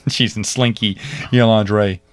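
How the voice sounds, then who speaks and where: A man co-hosting a podcast, retelling TV episodes in a rambling, animated way with laughs. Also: lowish voice, normal speed, no echo. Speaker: podcast co-host. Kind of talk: casual chat recapping a TV series.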